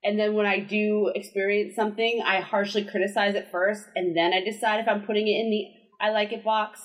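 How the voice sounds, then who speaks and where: Podcast co-host, woman from Massachusetts, mid-pitched, wry and self-deprecating. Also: flat delivery, brisk, rough recording. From Massachusetts, USA. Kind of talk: casual chat.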